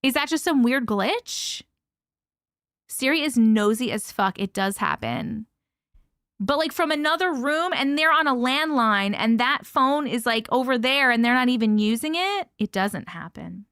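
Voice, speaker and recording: A woman's voice: fairly high pitch, lively intonation, a little slow, fairly bright tone, dry recording, clean studio sound. A young woman with a Long Island accent, hosting a casual live stream chat, giggly and swearing freely as she reads comments aloud. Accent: Long Island New York. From Long Island, New York. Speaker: host.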